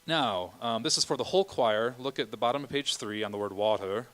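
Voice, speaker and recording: A man's voice: mid-range voice, a little fast, a bit bright. A man leading a church choir rehearsal, explaining the music patiently and often checking in with the singers. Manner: explanatory, keeps checking in with "okay?". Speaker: choir director. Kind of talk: rehearsal instruction.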